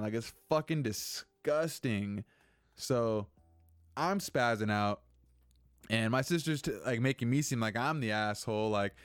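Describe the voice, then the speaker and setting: Young man, podcast host, casual rant, swears a lot, smooth clear voice, dry close sound. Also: medium pitch, moderate pace, dry recording. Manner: profane, rambling, venting.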